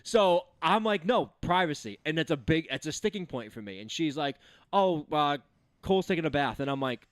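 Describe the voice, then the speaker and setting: A man in his thirties co-hosting a podcast, telling stories in casual chat, jumping between loud and mumbled lines. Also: fairly high pitch, moderate pace, clean tone, no room sound. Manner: animated storytelling, swings between loud and mumbled. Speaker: podcast co-host.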